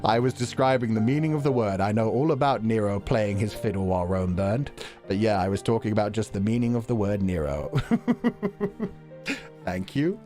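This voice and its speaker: Lively, laughing male streamer. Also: medium pitch. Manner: laughs often, thinks out loud, swears casually. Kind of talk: casual chat after a game stream. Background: faint background music.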